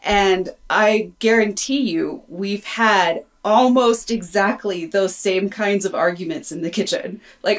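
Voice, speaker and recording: A woman in her thirties, co-hosting a film podcast and asking a question in a relaxed, conversational way. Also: mid-range voice, unhurried, hardly any pauses. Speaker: podcast co-host. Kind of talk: casual podcast chat.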